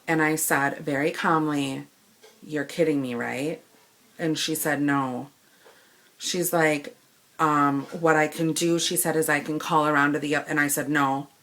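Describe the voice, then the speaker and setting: A woman tells a long customer-service grievance straight to camera. Her voice is bright and forward. She keeps slipping into the quoted lines, playing herself and the store clerk in turn. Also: deep voice, measured pace. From Wisconsin. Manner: animated retelling, acting out both sides of the dialogue. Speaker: vlogger. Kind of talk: ranting story to camera.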